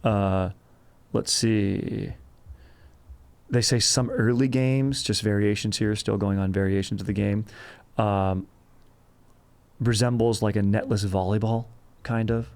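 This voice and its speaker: A man's voice: on the low side, steady tone, takes it slowly, gravelly, long pauses, a little mellow. Laid-back, joking man hosting a podcast. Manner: loose and jokey, with many fillers and crude asides. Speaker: podcast host. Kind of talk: casual history podcast chat.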